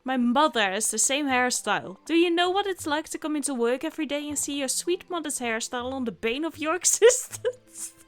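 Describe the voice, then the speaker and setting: A woman voicing a brash, excitable little one-eyed male monster who talks loudly and dramatically. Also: high-pitched, brisk, soft background music. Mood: defiant. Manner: loud, boastful, dramatic outbursts.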